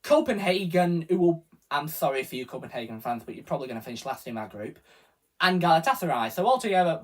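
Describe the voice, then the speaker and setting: A man's voice: sits high, big pitch swings, fast talker, fairly bright tone. A man giving rambling live reaction commentary as a football fan streamer, often correcting himself. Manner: rambling, self-correcting, partisan fan talk.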